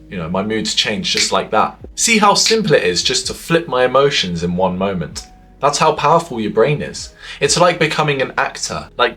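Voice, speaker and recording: A man in his twenties who talks to the camera in an earnest way, giving social advice, with his pitch and loudness swinging widely. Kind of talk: talking to camera.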